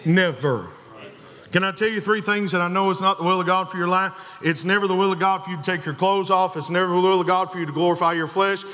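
A man with a fairly high voice preaches a sermon to a congregation, driving home each point with mounting emphasis and taking on the voices of people in his story. He talks fast with a sharp tone, and his words echo at length through the church sanctuary.

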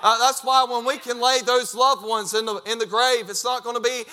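A man preaching a fervent sermon, emphatic and repetitive, breaking into shouts. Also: very high-pitched, steady tone, normal speed.

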